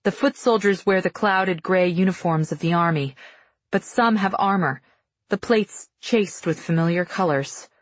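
Husky, low-voiced woman narrator. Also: measured pace, no echo. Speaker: audiobook narrator. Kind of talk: scripted first-person narration.

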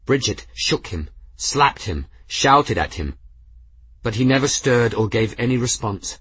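A man narrating a story aloud with a steady, dramatic reading and a husky voice, close to the mic. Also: medium pitch, unhurried, no room sound. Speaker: audiobook narrator. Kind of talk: scripted narration.

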